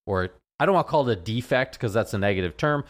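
A man's voice: mid-range voice, lively intonation, fast talker. Rambling joking male veterinarian. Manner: rambling, repeats words, jokey. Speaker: veterinarian guest. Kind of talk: casual radio chat.

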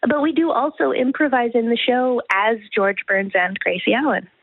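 A woman's voice: fairly high pitch, normal speed, no echo. Upbeat woman on a tinny line. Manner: upbeat, friendly. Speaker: guest performer. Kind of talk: live radio interview.

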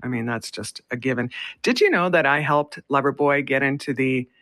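A woman's voice: very deep voice, normal speed, fairly bright tone. A woman radio host from Canada, chatty, telling a story and laughing often between phrases. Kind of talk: storytelling on a call-in radio show.

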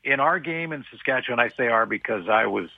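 A man giving football analysis on a radio talk show, halting and restarting often, with a dry sarcastic streak. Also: medium pitch, animated, creaky, no room sound. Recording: tinny phone line, dry.

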